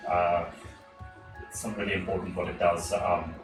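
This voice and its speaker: Low-voiced man running a tabletop game. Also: little pitch movement, roomy sound, distant mic, over music. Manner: halting, many fillers. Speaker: game master.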